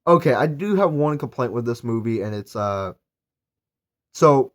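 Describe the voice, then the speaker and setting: A man's voice: medium pitch, animated, normal speed. A young man talks through a horror movie in a loose, casual recap. He rambles, restarts and piles on fillers. He sounds eager when he praises it. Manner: rambling, filler-heavy, enthusiastic. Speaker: movie reviewer.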